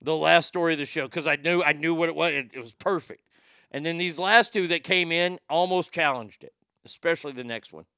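Folksy man with a bright tone. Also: fairly high pitch, fairly quick, clean tone, dry recording, clean studio sound. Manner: folksy, rambling, profane, with frequent restarts. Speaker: show host. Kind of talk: casual talk-show monologue.

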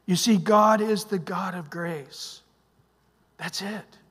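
A male pastor preaching a sermon, emphatic, swinging from loud bursts to hushed near-whispers and prompting the congregation with "what?". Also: high voice, slow, breathy edge, long reverb tail. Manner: emphatic, calls out "what?" for the congregation to fill in verses. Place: church sanctuary.

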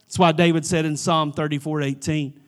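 Man, pastor, sermon, high voice, emphatic then hushed, repeats words. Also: flat delivery, normal speed. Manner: emphatic preaching, swings from loud pleading to hushed near-whisper; repeats words at starts of phrases.

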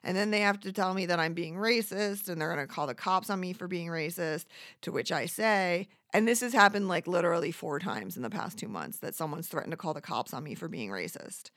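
A woman's voice: fairly low pitch, animated, brisk, fairly bright tone, dry recording, studio quality. A woman ranting in a casual, profane, rambling way, self-deprecating and acting out other people's voices as she goes. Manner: acts out quoted voices. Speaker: monologuist. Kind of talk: casual rant.

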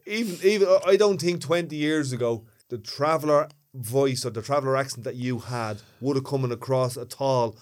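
A man's voice: medium pitch, normal speed, few pauses. A man with a Dublin accent, talking in a reflective, agreeable way in casual podcast chat. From Ireland. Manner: reflective, agreeable, explains with examples. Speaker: podcast co-host.

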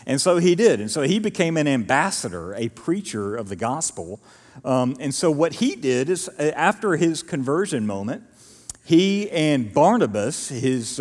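A male pastor preaching a sermon, telling the story with animated delivery and acting out quotes. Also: medium pitch. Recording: reverberant church hall.

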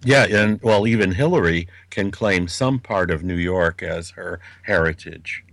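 Low-voiced man asking hesitantly, dry sound. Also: a little slow, creaky, a bit bright, dry recording. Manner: hesitant, thoughtful questioning. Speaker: co-editor asking questions. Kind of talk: academic panel discussion.

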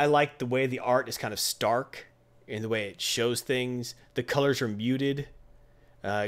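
A man casually reviewing a comic series, rambling and animated, acting out voices while telling a joke. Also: on the high side.

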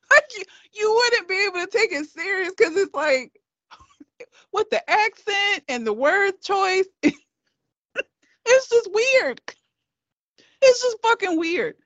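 A woman's voice: high-pitched, dry recording. A woman telling a story in casual chat, cursing freely and laughing often. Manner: profane, laughing, animated storyteller. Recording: slightly muffled, dry.

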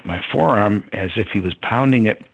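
An older man as an interview guest, telling a personal story in a reflective way, chuckling now and then and pausing on fillers. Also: on the low side, creaky, breathy edge, highs cut off.

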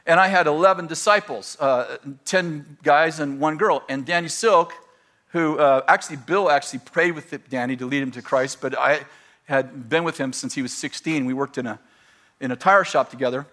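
High, bright-voiced male preacher telling stories. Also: normal speed. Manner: storytelling, animated retelling with voiced quotes. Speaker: pastor. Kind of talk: sermon.

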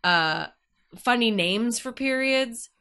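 A woman's voice: fairly high pitch, lively intonation, slow pace, pushed and bright, smooth. A woman co-hosting a casual podcast chat, chatty and a bit profane, laughing often. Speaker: podcast co-host.

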